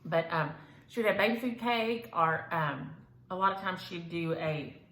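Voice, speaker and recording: A flosstube host chats casually to viewers from a room at home, her voice on the low side and a bit bright, with a roomy sound. She speaks at a moderate pace, rambling folksily about stitching with many ums.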